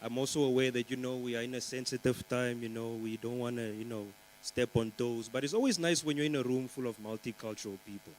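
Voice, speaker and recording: A man's voice: mid-range voice, fairly even intonation, fast, few pauses, slight background noise, poor audio. A young man from Namibia, performing a rambling stand-up comedy set at a conference and teasing the crowd. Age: young adult. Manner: chatty, rambling, teasing the crowd with lots of fillers. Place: conference stage before a live audience.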